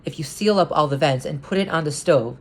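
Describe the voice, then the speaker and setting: Low-voiced woman recounting an incident. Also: fairly quick. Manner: rambling, repeats words and restarts often; indignant, earnest storytelling. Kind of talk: casual retelling to camera.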